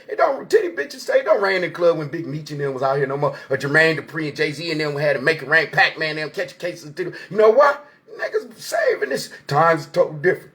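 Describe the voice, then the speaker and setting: A man's voice: sits high, fairly bright tone. A man in his forties hosting his own show, delivering a rambling, streetwise monologue full of swearing, preaching to his listeners. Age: 40s. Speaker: show host. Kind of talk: casual monologue.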